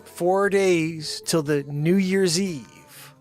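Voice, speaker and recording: A man's voice: on the high side, very animated, slow, fairly bright tone, soft background music. A man hosting a daily live comedy stream from home, rambling loosely, scolding his dogs and calling out viewers' names.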